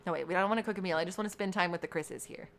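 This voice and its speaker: A young woman streaming a life-sim game, chatting to her viewers and often squealing with excitement. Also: lowish voice, racing, slight background noise. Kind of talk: gaming livestream chat. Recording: faint background game music.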